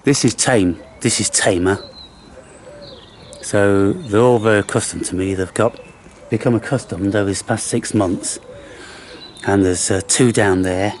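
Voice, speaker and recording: With a handheld camera outdoors among garden or woodland, this vlogger chats casually and sings coaxingly to the birds and squirrels around him. His voice is lowish and a little slow, with frequent pauses. There's slight hiss or hum in the recording.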